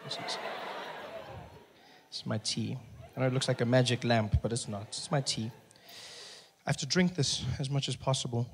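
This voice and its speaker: A man telling a stand-up comedy story, acting out other people in hushed and loud voices. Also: mid-range voice, moderate pace, long pauses, slightly rough. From South Africa. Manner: animated, acts out characters in hushed and loud voices.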